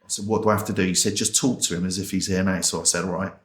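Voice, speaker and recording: Rapid-fire and steady in tone, this low-voiced English chaplain speaks in a roomy space. As an interview guest, he tells his personal testimony as a story, plainly and colloquially, acting out remembered conversations.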